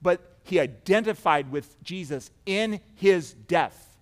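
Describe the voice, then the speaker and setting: A man preaching a sermon, repeating words and swinging between emphatic declarations and quiet, hushed passages. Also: high voice, expressive, slow pace.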